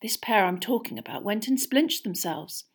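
A woman's voice: mid-range voice, lively intonation, normal speed, husky. A woman voicing a fussy, kindly middle-aged wizard father who talks in a chatty, matter-of-fact way, in a storybook reading.

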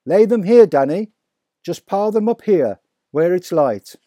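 A man reading aloud, voicing an excitable father in a children's storybook who exclaims in wonder. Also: a little high, takes it slowly, no room sound, studio quality, voice pushed up. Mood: eager. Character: excitable delighted adult father.

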